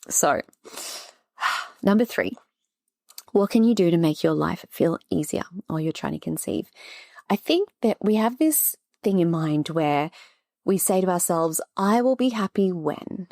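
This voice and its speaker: Calm, low-voiced woman guiding breathing. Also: no echo, clean studio sound. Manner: calm, gentle, slow guiding voice. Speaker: fertility yoga teacher and podcast host. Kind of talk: guided breathing and relaxation talk.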